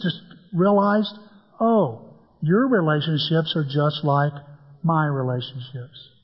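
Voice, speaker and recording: Older man, pastor, folksy storytelling sermon, high-pitched, muffled lo-fi sound. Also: husky. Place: church sanctuary. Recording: dull sound with long church-hall reverb.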